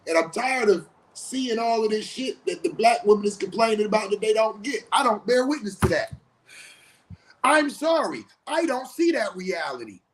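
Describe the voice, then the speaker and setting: Heated, profane high-voiced man. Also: expressive, a little fast, few pauses, slight background noise. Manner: swings from loud outbursts to low muttering. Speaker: host. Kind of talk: emotional confessional monologue.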